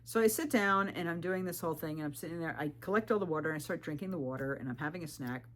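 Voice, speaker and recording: A woman's voice: low-pitched, very fast, slight background noise. Emphatic woman hiker telling her story. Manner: animated, retells talk with 'I'm like' quotes; earnest and emphatic, warning viewers. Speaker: thru-hiker video creator. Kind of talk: candid storytelling to camera.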